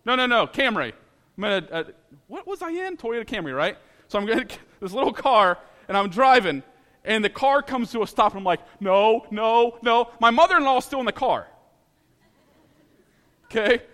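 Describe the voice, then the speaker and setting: Lively, bright-voiced man from Ohio. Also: very high-pitched, normal speed, long pauses, in a large hall. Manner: lively, dramatic, laughs at own story. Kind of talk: animated personal storytelling.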